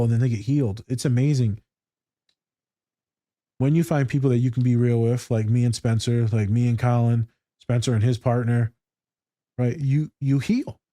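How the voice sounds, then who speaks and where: A man's voice: medium pitch, mellow, dry recording, clean studio sound. A man who works as a therapist, co-hosting a podcast in loose, profane chat, telling stories with lots of energy, swearing freely and laughing often. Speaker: podcast co-host.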